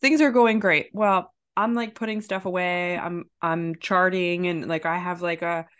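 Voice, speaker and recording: Woman doing chatty storyteller, lively, laughs through her anecdote, spikes up for quoted outbursts. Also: a little slow, clear, resonant tone. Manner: animated, jumps high when quoting herself; lots of fillers and restarts, laughs while telling. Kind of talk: casual chat, anecdote.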